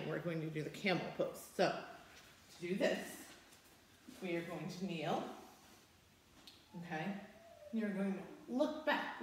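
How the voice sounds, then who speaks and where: A woman leading a children's story-based yoga class at home, telling the tale gently and calling out poses. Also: on the low side, slight background noise. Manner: slow, gentle, storytelling with cues and sound effects. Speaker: kids yoga teacher. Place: room at home with a dog. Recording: echoey room from far off.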